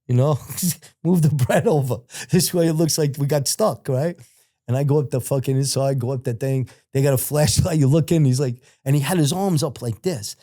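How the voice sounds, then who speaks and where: An older man, a podcast guest, telling old crime stories in casual, profane talk and acting out the voices of others. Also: medium pitch. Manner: profane, animated, acts out other people's voices. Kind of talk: casual storytelling.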